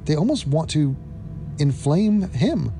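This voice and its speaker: A man's voice: fairly high pitch, big pitch swings, slow pace, creaky, mellow, faint music behind. A man hosting an opinion commentary vlog, talking in a sarcastic, mocking way.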